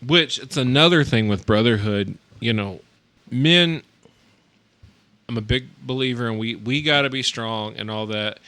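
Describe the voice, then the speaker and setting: Bright-voiced easygoing man, earnest chat. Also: medium pitch, unhurried, dry recording. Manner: easygoing, earnest, joking asides. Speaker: podcast co-host; nursing home worker. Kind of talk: casual podcast chat.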